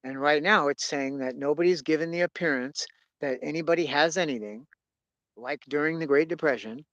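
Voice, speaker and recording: Casual male host, rambling and profane, with a slightly high voice on a lo-fi mic. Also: brisk, a bit bright, no echo. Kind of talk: casual monologue.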